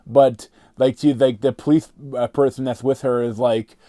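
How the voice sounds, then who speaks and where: A man's voice: mid-range voice, fairly even intonation, normal speed, mellow, no room sound, studio quality. Rambling man reviewing a movie. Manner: rambling, heavy filler words, frequent restarts. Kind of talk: casual spoken review.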